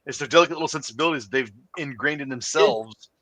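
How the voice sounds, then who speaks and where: A man co-hosting a podcast, chiming in with quick, blunt, profane reactions in casual chat. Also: medium pitch, sharp tone, no echo.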